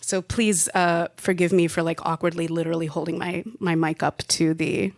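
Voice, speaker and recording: A woman in her late twenties tells a story on stage into a handheld mic, chatty and wry. Her voice sits a little low, and the sound is dry and close. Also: little pitch movement, moderate pace, gravelly, no echo. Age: late 20s. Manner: chatty, wry, laughing now and then. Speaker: storyteller at a live event. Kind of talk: live personal storytelling. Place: room with a live audience.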